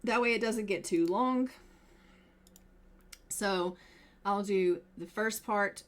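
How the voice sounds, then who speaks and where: Speaking slowly in a mid-range voice, a woman runs a gaming channel and offers casual let's-play commentary. As she plays, she chats and performs her characters' reactions.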